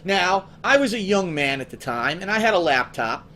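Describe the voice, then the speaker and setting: A man's voice: high-pitched, sharp tone, a little hiss or hum. A man casually telling profane, rambling stories to his viewers as a gaming show host, acting out his friends' voices as he goes.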